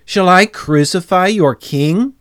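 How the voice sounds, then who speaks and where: A stern, uneasy Roman governor pleads and demands in a raised voice, as a man reads him aloud. The voice sits high and the reading is dry and close-miked. It belongs to a dramatized scripture reading. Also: slow, a bit bright, no echo. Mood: demanding.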